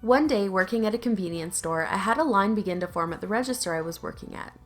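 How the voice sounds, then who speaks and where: Woman reading reddit stories out loud, chatty and a bit sarcastic, mid pitch, faint music under it. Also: lively intonation, fast talker. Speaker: YouTube story narrator. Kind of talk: reading online stories aloud with casual asides.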